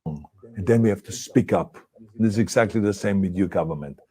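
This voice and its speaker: Man in a video address, deep low voice, dark mellow tone, earnest and deliberate. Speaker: public figure in a video message. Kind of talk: formal address to camera. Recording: played from a video clip.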